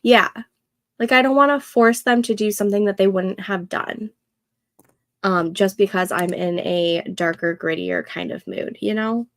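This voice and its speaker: A young woman hosting a casual co-working livestream, thinking aloud and reading chat comments in a soft, soothing voice. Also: mid-range voice, a little slow, no echo. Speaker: livestream host.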